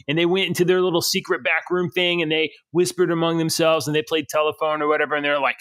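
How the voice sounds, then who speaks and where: A man co-hosts a casual podcast, rambling through the news with jokes and restarts. His voice sits a little high and sounds bright and forward. The sound is dry and close. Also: steady tone, brisk, hardly any pauses, dry recording. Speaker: podcast co-host.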